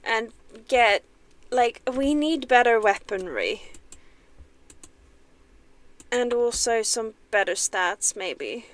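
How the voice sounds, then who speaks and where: A young woman talks casually while streaming a game, often laughing at herself. Her voice sits somewhat high and moves around a lot. She speaks slowly and easily. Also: expressive, no echo. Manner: chatty and self-deprecating, laughs often. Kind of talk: casual livestream chat.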